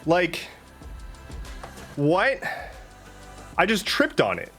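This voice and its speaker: A man chats casually on his live stream, rambling and joking in a playful way. His voice sits slightly high and bounces lively up and down, with faint music playing under him. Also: a little slow, pauses often.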